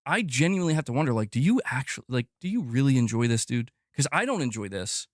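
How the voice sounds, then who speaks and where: A man hosting a gaming channel livestream, ranting in an exasperated, profane way that repeats itself and climbs in pitch as he gets worked up. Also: sing-song, fast talker, no echo, clean studio sound. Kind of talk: livestream rant reading chat.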